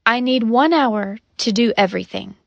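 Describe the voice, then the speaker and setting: A woman's voice: fairly high pitch, moderate pace, creaky, no echo, dull audio. A woman voicing a matter-of-fact male electrician who speaks plainly in a story for language learners.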